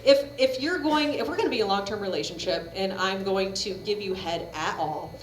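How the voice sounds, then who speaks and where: A woman with a medium-pitched voice talks a little fast over a faint hiss or hum. She's performing stand-up at a coffee shop comedy venue, brash, chatty and profane, laughing at her own jokes. The live stage recording sounds roomy, with the crowd's laughter audible.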